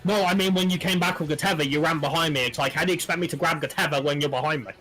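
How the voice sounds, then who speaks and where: A man in a raid group telling a teammate plainly where they went wrong. His voice is crisp and forceful, slightly high, with soft game music behind. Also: rapid-fire. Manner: blunt, critiquing teammates. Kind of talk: casual gaming voice chat.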